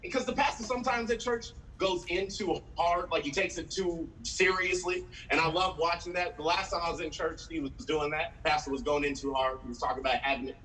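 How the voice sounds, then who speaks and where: A man from San Diego performing an animated stand-up set, swearing freely and acting out quotes. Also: fairly high pitch, brisk, hardly any pauses, distant mic, slight background noise, low-quality recording. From San Diego, USA. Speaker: stand-up comedian. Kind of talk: live-streamed stand-up set.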